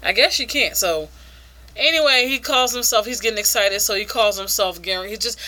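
A woman's voice: medium pitch, fairly quick, sharp tone. A woman casually reviewing an adult comic, frank and crude, laughing often.

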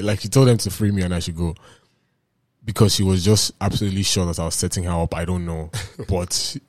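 Low-voiced Nigerian man telling a story. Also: a little fast, dry recording. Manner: laughing, animated storyteller. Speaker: podcast host. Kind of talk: casual storytelling chat.

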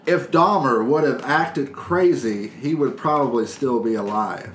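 A man's voice: mid-range voice, a little slow, fairly bright tone. A man co-hosting a podcast in casual chat, blunt and profane. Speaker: podcast co-host. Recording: roomy echo, faint hiss.

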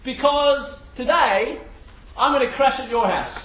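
A man voicing a calm, determined male teacher who calls a man down from a tree, recorded in an echoey hall. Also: very high-pitched, unhurried, a little hiss or hum, voice pushed up. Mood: summoning. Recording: echoey hall, distant mic, dull sound.

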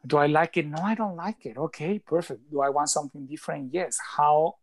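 A man's voice: a little high, no echo. Earnest man explaining, dry sound. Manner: earnest, explanatory, slightly halting phrasing. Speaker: guest, life coach. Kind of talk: conversational interview talk.

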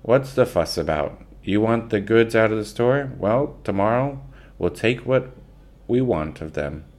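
A man reading a storybook aloud and voicing a tall, rough-spoken workman with a big, booming, scoffing voice. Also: animated, a little slow, darkish tone.

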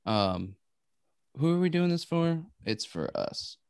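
A man co-hosting a laid-back podcast, rambling and trailing off as he talks. His pitch is in the middle but moves around a lot. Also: very animated, takes it slowly, a crowd in the background. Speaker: podcast co-host. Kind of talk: casual chat.

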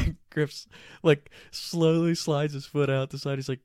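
A young man telling a story casually, animated and profane, often laughing mid-telling. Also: medium pitch, moderate pace, no room sound, studio quality.

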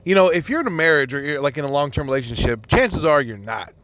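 A man's voice: a little high, expressive, fast talker, fairly bright tone, dry recording. A man hosting a podcast, talking casually and answering a listener's email in a profane, rambling way full of fillers. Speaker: podcast host.

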